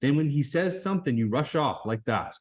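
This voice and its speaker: A man reading aloud and voicing a fussy, indignant schoolboy who scolds the others in a raised, slightly higher voice. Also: lively intonation, fairly quick, close to an everyday voice, rough recording.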